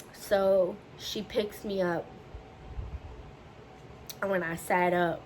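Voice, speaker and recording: A woman's voice: fairly low pitch, a little hiss or hum, low-quality recording. A young woman vlogger telling a personal story in a candid, casual way, slipping into the voices of the people she quotes. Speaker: beauty vlogger.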